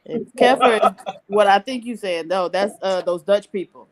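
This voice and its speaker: A woman's voice: mid-range voice, moderate pace, crowd noise, poor audio. A woman co-hosting a casual live-stream chat, teasing and laughing easily.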